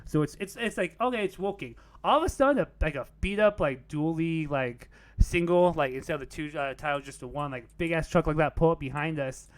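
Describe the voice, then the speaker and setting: Dry recording, brisk delivery: a young man with a slightly high voice rambles through a casual podcast story. Curse words and "like" pepper his speech, and he laughs at what he's telling.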